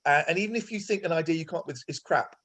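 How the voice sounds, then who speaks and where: A man's voice: on the high side, fairly bright tone. A man hosting a casual meeting over a video call, joking and teasing the other people taking part. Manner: jokey, quick to tease. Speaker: host running a monthly production meeting.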